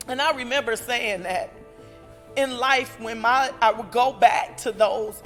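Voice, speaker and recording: A woman in her forties giving a heartfelt personal testimony as a former student, halting with fillers and growing emotional. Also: a little high, fairly bright tone. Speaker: alumna speaker. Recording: reverberant hall, music underneath.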